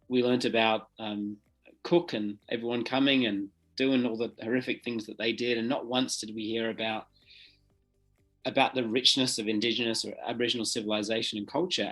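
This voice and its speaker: A man from England, the host of an interview podcast, speaks in a mid-range voice. He is halting and moved, often searching for words, while soft music plays faintly behind him. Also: medium pitch.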